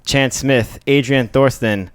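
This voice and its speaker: A man's voice: medium pitch, slow, clean tone. A young man co-hosting a live podcast, talking loosely, laughing often and swearing freely. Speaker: podcast co-host. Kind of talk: casual live podcast chat.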